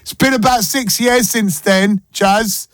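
A man's voice: high voice, slow pace, noisy background. A young man, chatting casually as a radio host and telling stories in a slangy way. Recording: music bed behind voice.

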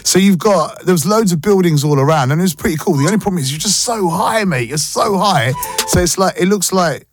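A British man telling animated, slangy stories in casual chat, jumping from topic to topic. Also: sits high, a little fast. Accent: British English. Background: music playing in the background.

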